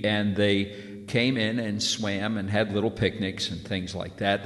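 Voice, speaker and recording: A man in his sixties from New Jersey telling a childhood memory in a folksy, conversational way. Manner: folksy, conversational, lively pitch. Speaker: storyteller recalling childhood. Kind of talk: casual spoken memoir. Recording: long hall reverb.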